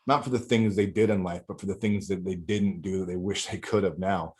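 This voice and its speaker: A man's voice: low-pitched, fairly even intonation, fairly quick. A middle-aged man talking as a podcast guest, telling a candid personal story in a rambling, profane way with many restarts.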